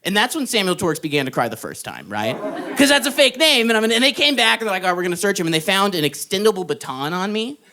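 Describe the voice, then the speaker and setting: Young man, stand-up comic, high lively voice, bright tone, laughs while telling his story. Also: quick pace. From Texas. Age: young adult. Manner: animated, laughing through his own story, jumps into loud put-on voices. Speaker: stand-up comedian. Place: live comedy club stage.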